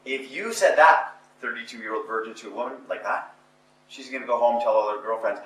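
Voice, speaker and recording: A man's voice: mid-range voice, a little fast. Emphatic male motivational speaker, echoey room. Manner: emphatic and repetitive, rising to forceful exhortation. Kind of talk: live motivational talk to an audience. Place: indoor conference or seminar room. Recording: echoey room, voice picked up from a distance with faint noise.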